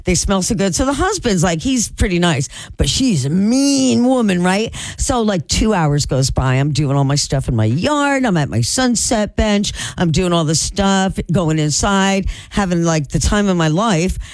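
A woman radio host telling a story in casual on-air chat, animated and laughing often. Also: on the low side, measured pace, hardly any pauses, dry recording. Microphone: studio microphone.

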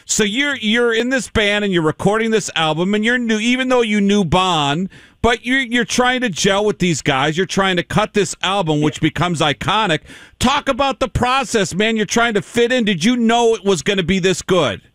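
High-voiced enthusiastic male radio host. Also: expressive, normal speed, a bit bright, no room sound, studio quality. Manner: enthusiastic, fan-like questions. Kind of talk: radio interview.

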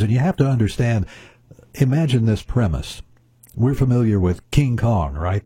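A man's voice: fairly low pitch, dark tone, breathy edge, dry recording. A male radio host chatting in a folksy, easygoing way with frequent fillers, speaking in a studio. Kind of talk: casual radio chat. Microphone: studio mic.

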